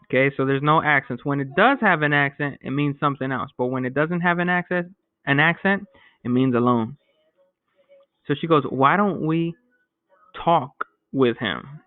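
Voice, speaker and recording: A man's voice: a little high, normal speed, clean tone, no room sound. A man teaching a beginner Spanish class in a casual, joking way, explaining each step. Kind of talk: recorded remote language lesson. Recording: dry, phone-like lo-fi sound.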